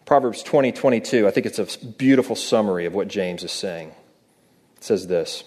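A man's voice: low voice, normal speed, darkish tone. A man preaching a sermon in a conversational way, often asking the listeners rhetorical questions. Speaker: pastor.

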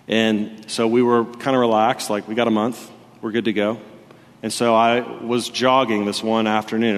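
A young man preaching a sermon, telling stories with animated energy that rises loud and high when he gets excited. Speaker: pastor. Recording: long reverb of a hall.

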